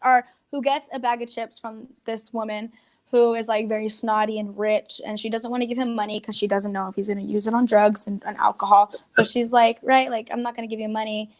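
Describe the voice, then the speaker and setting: A teenage girl, a young comedian, chatting in an interview in a giggly, rambling way. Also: fairly high pitch. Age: teens. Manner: giggly, rambling, slips into mimicked voices. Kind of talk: casual interview chat.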